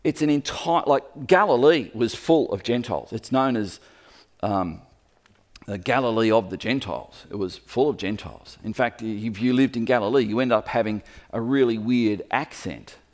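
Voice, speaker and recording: A man preaching a sermon in a lively storytelling manner, speaking to the room as he points at a map. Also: mid-range voice, moderate pace. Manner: lively storytelling, acts out quoted voices.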